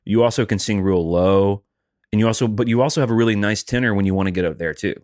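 A man's voice: on the low side, fast talker, a little mellow, dry recording, studio quality. A man talking casually as a musician, blunt and self-deprecating, swearing freely. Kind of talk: casual chat.

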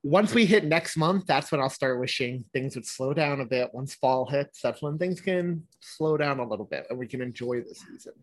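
A man's voice: mid-range voice, expressive, moderate pace, hardly any pauses, no room sound. A man with a lilt hosts a casual podcast, chatty and upbeat. His voice sits mid-range, and the sound is dry and close. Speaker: podcast host. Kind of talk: casual chat.

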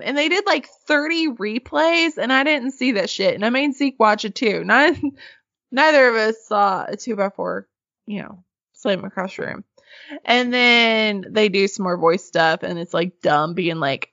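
A woman with a fairly high voice retells a show with dry sarcasm, laughing and cursing along the way. The sound is a little muffled and very dry, with no room to it. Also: lively intonation, a little slow, fairly bright tone, dry recording. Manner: sarcastic, swears, laughs often. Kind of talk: casual storytelling chat.

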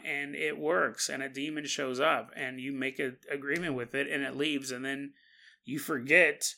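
A man hosting a solo podcast, telling a story in an animated way and laughing as he acts out quotes. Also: mid-range voice, moderate pace, gravelly. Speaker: podcast host. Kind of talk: casual solo podcast monologue.

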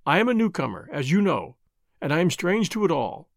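A man's voice: on the high side, very animated, brisk, gravelly, no echo. Male reader voicing wary young newcomer, stern, careful; dry booth sound. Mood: guarded. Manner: stern, cautious.

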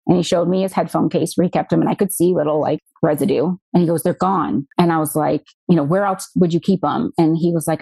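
Gravelly, husky woman telling a personal story. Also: low-pitched, fairly even intonation, mellow, dry recording, poor audio. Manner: rapid, tumbling retelling with many likes and quoted dialogue. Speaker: podcast guest.

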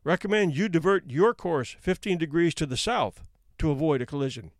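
A level, unbothered lighthouse keeper , read by a man, answering with quiet, matter-of-fact firmness. Dry, close sound. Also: on the high side, fairly quick, no room sound, close to an everyday voice. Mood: calm.

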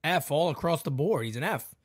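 A man's voice: on the high side, expressive, a little fast, no room sound. A man with a slightly raised voice, recorded dry and close, talking sports in a casual podcast chat. He is blunt and emphatic in his opinions. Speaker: podcast co-host.

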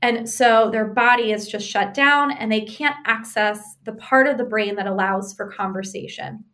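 Lively woman explaining couples advice. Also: on the high side, moderate pace. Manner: animated, acts out example arguments; checks in with frequent "right?".

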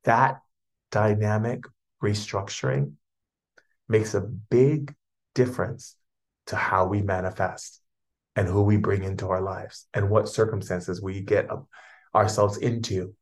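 Low-voiced man giving a soothing spiritual talk. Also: fairly even intonation, measured pace. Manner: flowing, repetitive, soothing. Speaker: spiritual teacher.

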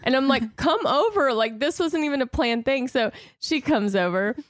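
A woman's voice: fairly high pitch, lively intonation, moderate pace, no room sound, clean studio sound. A woman in her thirties co-hosting a casual chat, telling long stories and laughing often. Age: 30s. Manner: chatty storyteller, laughs often.

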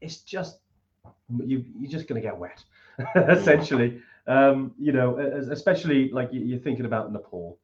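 A man hosts a relaxed talk on trekking trips, his advice loose and friendly and full of fillers. His pitch is mid-range. The recording sounds dull and lo-fi. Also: moderate pace. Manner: loose and friendly, many fillers like um and you know. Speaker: host of a trekking trip talk. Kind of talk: casual chat and travel advice.

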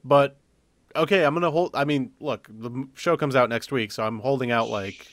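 A man's voice: mid-range voice, no echo, clean studio sound. A man hosting a casual podcast chat, blunt and opinionated in his takes. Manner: blunt, opinionated, quick to judge.

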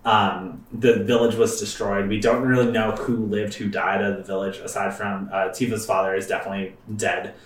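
A man's voice: on the low side, little pitch movement, moderate pace, few pauses, reverberant, recorded from a distance. A man hosting a let's play, chatting casually with rambling fillers and swearing. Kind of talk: casual gaming commentary.

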